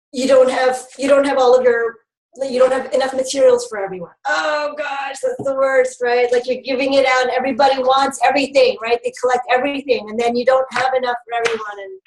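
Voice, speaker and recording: A woman's voice: a little high, roomy sound, poor audio. A woman presenting a health education webinar in a casual, chatty way, laughing often, heard over a video call.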